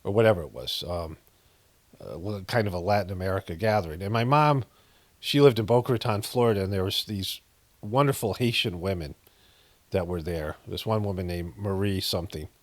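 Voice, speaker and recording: Speaking a little quickly in a low voice, a middle-aged man who practices meditation rambles through a candid, sometimes profane personal anecdote full of fillers and false starts. There's no echo.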